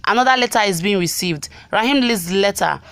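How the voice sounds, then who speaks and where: A woman's voice: mid-range voice, lively intonation, fairly quick, fairly bright tone, smooth, dry recording. A woman narrating an episode recap for her channel, reading the scenes and quotes out plainly.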